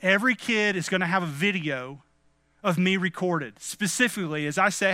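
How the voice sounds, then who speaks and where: A man delivers a devotional message with a sincere, earnest preacher's manner. His voice sits high and sounds bright and forward. He keeps turning to his listeners as friends. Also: moderate pace, no echo.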